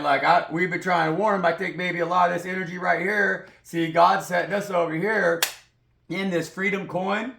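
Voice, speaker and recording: A man's voice: high-pitched, vocal fry, a bit bright, a little hiss or hum. A man giving a rambling, profane spiritual monologue as a tarot reader, preachy in tone. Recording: roomy echoey sound.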